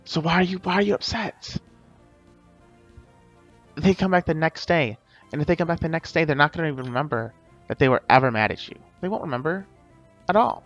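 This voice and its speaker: A man's voice: on the high side, a little fast, pauses often, fairly bright tone, dull audio, faint music behind. A man in an unscripted vlog monologue, rambling and repeating himself as he gives advice straight to the viewer. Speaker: vlogger.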